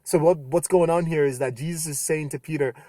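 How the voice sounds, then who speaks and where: A young adult man giving a casual youth sermon, retelling scripture with animated quoted voices. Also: fairly high pitch, fairly quick, no room sound. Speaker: youth pastor.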